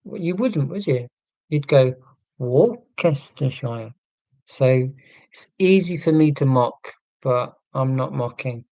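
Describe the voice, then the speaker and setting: A man's voice: medium pitch, measured pace, mellow, no room sound, poor audio. A man with an English Midlands accent chatting casually and wryly, rambling a little as he talks. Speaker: channel host. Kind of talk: casual chat.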